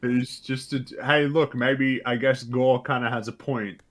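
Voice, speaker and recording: A man's voice: medium pitch, steady tone, measured pace. A young man joining a casual movie review chat as guest, adding dry, agreeing asides. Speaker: guest co-host.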